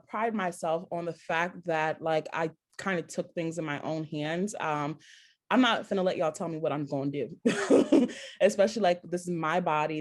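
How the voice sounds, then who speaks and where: A woman with a somewhat low voice chatting casually on a panel podcast. She tells her stories with energy, acting out what people said and leaning heavily on "like." She laughs easily as she goes. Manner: lively storyteller who acts out quotes, heavy "like"; laughs often while talking. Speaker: podcast co-host.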